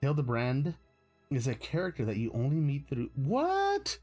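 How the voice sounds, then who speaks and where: A man's voice: mid-range voice, normal speed, dark tone, slightly rough, soft background music. Rambling man chatting on a live stream. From United States. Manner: rambling, self-correcting, chuckling often. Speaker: streamer host. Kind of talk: casual live-stream chat.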